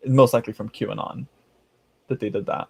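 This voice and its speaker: A man's voice: fairly low pitch, fairly even intonation, normal speed, gravelly, a little mellow, husky. A man hosting a casual livestream, chatting with his viewers in a rambling way, laughing often and restarting his sentences. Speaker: tarot channel host reading live chat.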